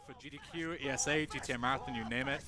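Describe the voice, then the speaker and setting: A man's voice: mid-range voice, very fast, a crowd in the background. A young English man casually commentating his own game speedrun for a live audience, chatty and joking. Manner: chatty, relaxed, jokes with the audience. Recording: noisy event stream audio.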